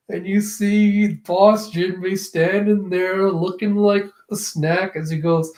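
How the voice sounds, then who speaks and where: A man's voice: high voice, fairly even intonation, a little slow, few pauses, a little mellow, roomy sound. A man casually reading through a comic chapter, acting out the characters' lines in a raised voice and laughing often. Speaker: manga reaction host. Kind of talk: casual manga reading and reaction.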